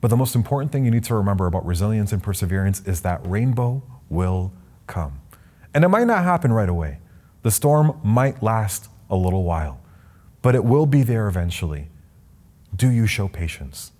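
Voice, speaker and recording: A man's voice: on the low side, sing-song, moderate pace, warm tone. A young man from Canada, a spoken word poet, giving a motivational address and reciting poetry with rhythmic sweeping rises and falls.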